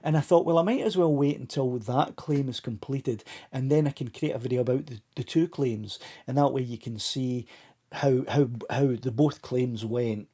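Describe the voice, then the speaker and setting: Husky-voiced man hosting a live chat. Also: mid-range voice, normal speed, warm tone. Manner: chatty, talks straight to viewers by name. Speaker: live stream host. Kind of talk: casual live stream chat.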